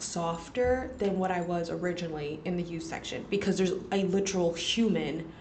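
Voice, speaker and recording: A young woman hosting a casual podcast, telling a story in a lively, joking way, swearing and laughing as she talks to her viewers. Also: mid-range voice, a little hiss or hum. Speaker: podcast host. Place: library study room.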